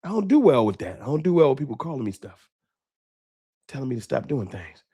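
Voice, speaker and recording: A man's voice: medium pitch, big pitch swings, a little fast, dark tone, slightly rough, dry recording, studio quality. A man hosting a late-night sports fan livestream, talking off the cuff with emotion and slang. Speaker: sports fan show host.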